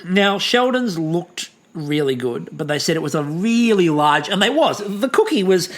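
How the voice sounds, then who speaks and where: Homem tagarela recapitulando com muitos "hum". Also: male voice, sits high, big pitch swings, normal speed. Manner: chatty, many ums, dry asides. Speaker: podcast co-host. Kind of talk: casual chat recap.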